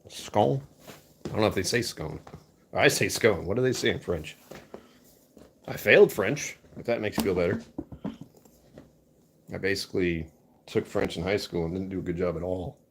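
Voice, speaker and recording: A man's voice: low-pitched, normal speed, long pauses, a bit bright, slight background noise. A man casually chatting with his live-stream viewers, joking and poking fun at himself while answering the chat. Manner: chatty, jokey, self-mocking.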